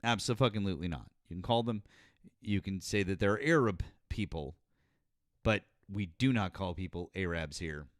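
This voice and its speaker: A man hosting a live call-in politics show, arguing hard with a caller, shouting and cursing, then dropping into low muttered asides. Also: normal speed, no echo, studio quality. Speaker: host. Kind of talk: heated call-in debate.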